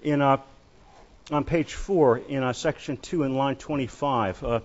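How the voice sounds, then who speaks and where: Male professor, mid-pitched, halting classroom lecture with many fillers; muffled lecture-hall capture. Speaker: literature lecturer.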